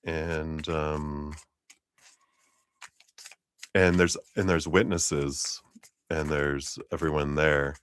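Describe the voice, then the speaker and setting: A man's voice: rumbling low, flat delivery, drawn-out words, pauses often, clear, resonant tone. A man giving a live-streamed tarot reading, telling it as a rambling story full of fillers and laughter. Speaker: tarot reader.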